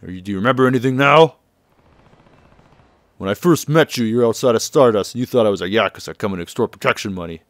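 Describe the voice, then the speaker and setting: A man's voice: medium pitch, fast, dry recording, natural voice. A man loosely paraphrasing a tough, stern male ex-yakuza mentor lecturing a younger man, in a casual game recap.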